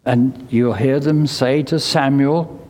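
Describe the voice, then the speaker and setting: Slow, mellow older male preacher in a hall. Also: medium pitch, steady tone. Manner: conversational storytelling with dry asides. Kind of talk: sermon. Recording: long hall reverb.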